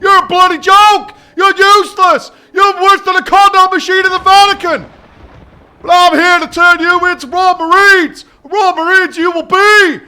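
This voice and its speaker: A bellowing, insult-spitting drill sergeant, put on by a man reading game lines aloud. The voice is high, bright and forceful, shouting orders at recruits in a gruff game scene. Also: level tone, moderate pace, heavily acted. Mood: scornful. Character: harsh foul-mouthed male drill sergeant, bellowing.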